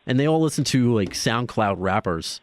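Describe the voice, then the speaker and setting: A man hosting a podcast, from New York, whose pitch moves around a lot as he talks. He stumbles and restarts his questions, and the studio sound is dry and close. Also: no room sound. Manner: halting, restarts often, lively. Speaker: podcast host. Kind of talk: casual interview chat.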